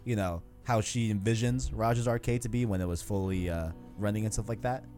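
A young man in casual chat, reading a comic aloud with a friend, animated and quick to laugh. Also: fairly low pitch, faint music behind. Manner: animated, laughs often, trails off.

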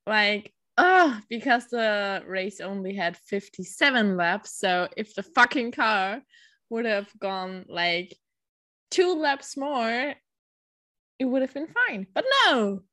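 A woman co-hosting a podcast in casual chat, unhurried with many fillers and casual swearing, close to the mic. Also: on the high side, animated, sharp tone, no echo. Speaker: podcast co-host.

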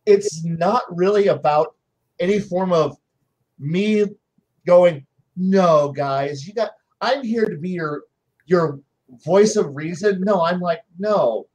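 A man on a game-master panel telling stories about his players in casual chat, acting out their lines in quick voices. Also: high voice, a little mellow, low-quality recording.

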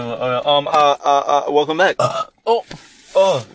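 A man's voice: on the high side, unhurried, a bit bright. A young man hosting a podcast from inside a car in the rain, telling a long, rambling, profane story in a casual chat. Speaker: podcast host.

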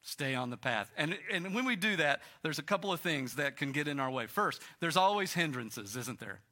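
Bright-voiced preacher man. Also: fairly high pitch, lively intonation, moderate pace. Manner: storytelling, emphatic repetition. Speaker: pastor. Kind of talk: sermon.

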